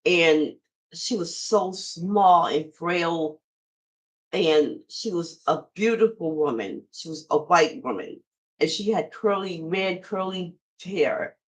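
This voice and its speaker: A woman's voice: lowish voice, slow pace, rough recording. A middle-aged woman hosting a podcast, telling a personal story in a conversational way and talking straight to her listeners. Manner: conversational, addresses listeners directly. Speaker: podcast host.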